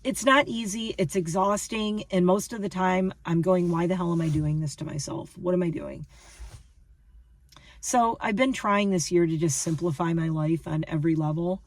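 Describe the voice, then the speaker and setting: A woman's voice: fairly low pitch, no echo. Woman rambling to her vlog viewers, self-deprecating, mic kinda far off, dry sound. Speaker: vlogger. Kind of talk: casual vlog monologue.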